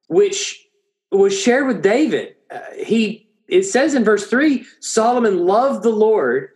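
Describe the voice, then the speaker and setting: Man teaching a Bible passage, halting. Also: high-pitched. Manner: thinking aloud, frequent restarts and fillers. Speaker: preacher.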